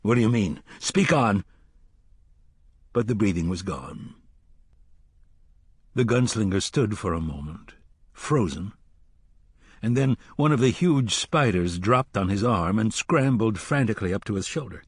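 Husky male audiobook narrator. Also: lowish voice, lively intonation, dry recording, studio quality. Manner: measured, slowing for tension.

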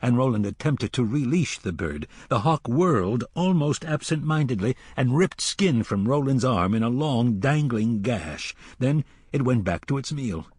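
A man reading a dark fantasy audiobook in a measured, dramatic storytelling manner. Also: medium pitch, animated, husky, dry recording, studio quality. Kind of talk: audiobook narration.

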